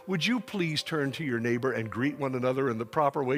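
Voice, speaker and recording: A man's voice: mid-range voice, animated, quick pace, hardly any pauses. A male pastor preaching at a church dinner, teaching and leading the people in call-and-response.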